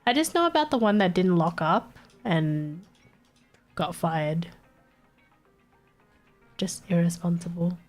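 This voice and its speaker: A woman's voice: on the low side, takes it slowly, long pauses, soft background music. A young woman streaming live, chatting casually with her chat, swearing and laughing often, her nose blocked so she sounds stuffy.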